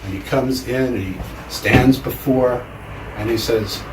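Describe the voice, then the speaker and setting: A man tells a teaching story at a measured pace, pausing deliberately between thoughts. His mid-range voice echoes around a lecture room, picked up from a distance. A faint hum sits behind him. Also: mid-range voice. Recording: roomy hall, mic far off.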